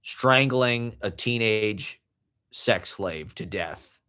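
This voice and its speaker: Slow low-voiced man ranting. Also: bright, forceful tone, clean tone. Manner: rambling, heavy fillers, profane. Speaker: podcast host. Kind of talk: casual monologue rant.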